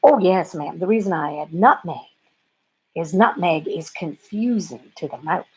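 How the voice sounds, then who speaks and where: A man's voice: on the high side, expressive, a little slow, husky, heavily acted, poor audio. A woman doing a polite folksy Cajun man. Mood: earnest. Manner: polite, folksy, keeps saying ma'am. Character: friendly wiry Cajun man on a bus.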